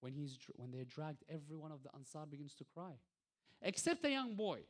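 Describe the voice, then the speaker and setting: A man's voice: fairly high pitch, sing-song, a little fast. Man giving an impassioned religious lecture. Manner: rhetorical questions, swings between soft and emphatic. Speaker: lecturer at an Islamic centre.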